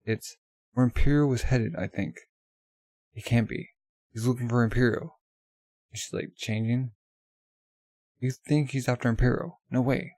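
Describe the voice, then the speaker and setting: A man's voice: mid-range voice, fairly even intonation, moderate pace, long pauses, darkish tone, dry recording. A man casually reading a manga aloud in a loose, offhand way full of fillers. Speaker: manga reader.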